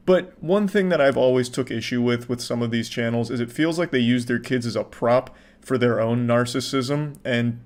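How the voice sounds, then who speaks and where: Male reaction host, deadpan, dry, swears freely. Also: mid-range voice. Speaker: online video reaction host. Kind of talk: sarcastic reaction commentary.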